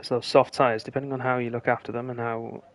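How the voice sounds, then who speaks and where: A man leads the commentary on a live online race, calling laps and times in quick play-by-play. His voice sits at an ordinary middle pitch, and he lifts into excited calls as the lap times close up. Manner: brisk play-by-play, rising excitement at close finishes. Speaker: lead commentator. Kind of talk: live sim-racing commentary.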